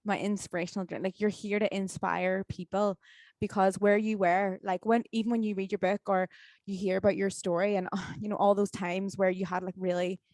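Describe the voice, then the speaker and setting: A woman's voice: mid-range voice, little pitch movement, a little fast, a little mellow, no echo. A woman, hosting a podcast and encouraging her guest in casual chat. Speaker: podcast host.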